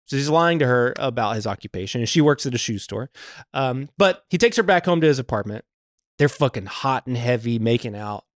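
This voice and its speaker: A man's voice: mid-range voice, lively intonation, fairly quick, no room sound, clean studio sound. A man co-hosting a podcast, casually retelling a film's plot and swearing freely as he goes. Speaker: podcast co-host. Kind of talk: casual movie recap chat.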